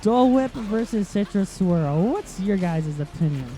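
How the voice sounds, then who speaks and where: This man hosts a gaming channel and gives casual let's-play commentary, rambling, chatting, drifting off topic and filling gaps with plenty of ums. His voice is high and lively in intonation, with a dark tone and a moderate pace.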